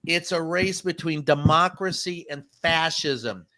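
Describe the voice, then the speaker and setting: A man's voice: on the high side, measured pace, bright, forceful tone. A man joining a stream as a guest, speaking bluntly with profanity and laughter. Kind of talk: casual political chat.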